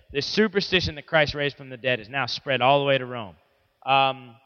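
A man teaching a Bible lesson to teenagers in a casual, joking, conversational way. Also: fairly high pitch. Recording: echoey hall, dull lo-fi sound.

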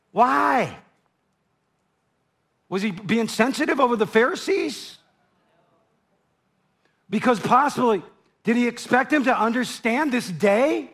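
A man's voice: very high voice, lively intonation, slow, gravelly, long pauses, a bit bright. A man preaching a sermon verse by verse, conversational, with asides and frequent repeated words. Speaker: pastor. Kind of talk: verse-by-verse Bible teaching.

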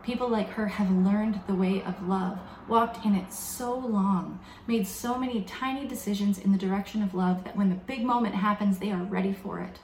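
A woman preaching a sermon in a reflective, measured way, slowing down to stress key words. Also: mid-range voice, darkish tone, slight background noise. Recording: echoey room with faint background ambience.

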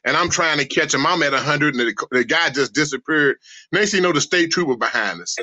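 A middle-aged man from St. Louis telling animated family stories in a casual roundtable, acting out voices as he goes. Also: fairly quick, no echo. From St. Louis, USA. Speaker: roundtable participant. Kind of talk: casual storytelling among family. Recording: dull low-fidelity dry sound.

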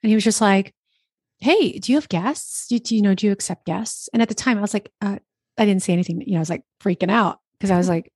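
A talkative woman from New Jersey recounts her story as a podcast guest. She chats in an animated way, slipping into quoted self-talk. Her voice sits at a middle pitch on a close, dry microphone with no room sound. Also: fast talker, husky, no room sound. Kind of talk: casual interview storytelling.

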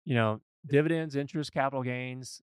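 A male financial advisor hosts a casual podcast chat, earnest and folksy as he presses his points home. His voice is smooth and resonant, sitting at a middle pitch, and it is recorded dry and close. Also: a little fast, no room sound. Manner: earnest, folksy, emphatic advice-giving. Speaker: financial advisor and show host. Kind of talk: conversational podcast discussion.

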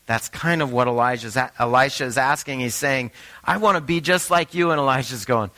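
A man's voice: mid-range voice, brisk, sharp tone, poor audio. A man preaching a sermon, talking to the congregation in a conversational way and asking them questions. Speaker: pastor.

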